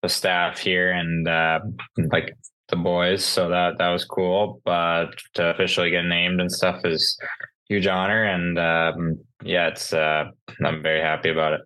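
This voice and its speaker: A young man, a hockey player, giving polite, measured interview answers with lots of fillers. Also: low voice, level tone, bright, forceful tone, clear, resonant tone. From Canada. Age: young adult.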